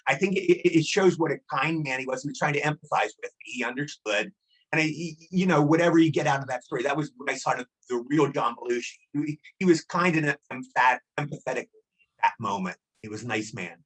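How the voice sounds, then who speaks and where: Fast-talking husky man in his sixties. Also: medium pitch, low-quality recording. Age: 60s. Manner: animated, rambling with repeats. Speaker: guest actor. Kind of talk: casual anecdotal storytelling.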